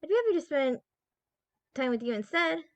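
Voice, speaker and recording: A woman reading the lines of a gentle, apologetic female club president in a quiet, soft voice. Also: sits high, sing-song, fairly quick, no echo.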